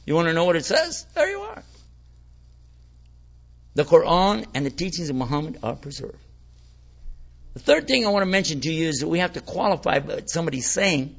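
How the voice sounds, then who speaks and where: Male preacher, folksy and conversational, raspy edge, muffled lo-fi recording. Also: fairly high pitch, sing-song, fast. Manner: folksy, conversational, rhetorical questions. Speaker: Islamic preacher. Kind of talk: informal religious talk. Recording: lo-fi dull recording.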